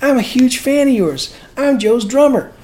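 A man's voice: extremely high pitch, expressive, moderate pace, darkish tone, voice pushed up. A man putting on the voice of a pushy, insistent male fan in a told story. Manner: insistent, raised voice.

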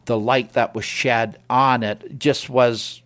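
A man's voice: mid-range voice, steady tone, takes it slowly, fairly bright tone. A man reviewing theater productions in casual conversation, hesitant, with frequent restarts and repeated words. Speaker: theater critic.

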